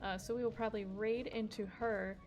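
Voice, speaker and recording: Heard in lo-fi sound, a young woman streamer with a medium-pitched, steady voice talks a little fast as she plays, music in the background. Her casual chat rambles, with lots of laughing and free swearing.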